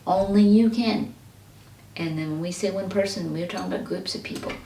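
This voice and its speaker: A woman's voice: fairly low pitch, steady tone, fast, creaky, recorded from a distance. A woman giving a pick-a-card tarot reading, speaking straight to her viewers in an earnest, encouraging way. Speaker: tarot reader. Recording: echoey room, mic set back, faint noise.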